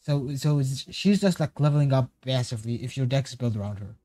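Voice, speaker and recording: A man's voice: medium pitch, a little fast, no echo, soft background music. A man streaming a casual reaction to game cards, rambling and correcting himself as he goes. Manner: rambling, self-correcting, excitable tangents.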